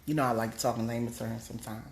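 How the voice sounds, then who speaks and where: A woman's voice: steady tone, rapid-fire, creaky. Brief: woman, motivational talk, blunt and scolding, echoey room, faint background hum. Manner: blunt, scolding, swoops up high for emphasis. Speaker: comedian giving a motivational talk. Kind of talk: preachy motivational monologue.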